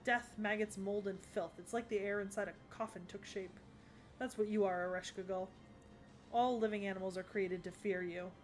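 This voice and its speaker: A woman voicing a sharp-tongued young goddess who taunts her rival with scorn, in an English anime dub. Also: mid-range voice, steady tone, normal speed, faint music behind, close to an everyday voice. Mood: scornful.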